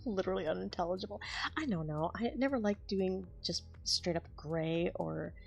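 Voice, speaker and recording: Brief: woman with a slightly low voice, chatting loosely with her viewers as she draws. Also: animated, a little slow, creaky, soft background music. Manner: rambling, self-deprecating, chats with viewers. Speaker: artist streaming her drawing. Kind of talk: casual chat while drawing.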